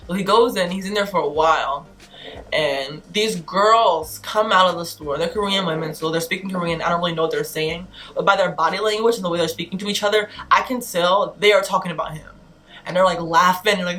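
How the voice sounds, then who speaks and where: A young woman vlogger telling a bad-date story in an animated, exasperated way, acting out the quotes. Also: lowish voice, fairly quick. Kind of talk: storytime vlog.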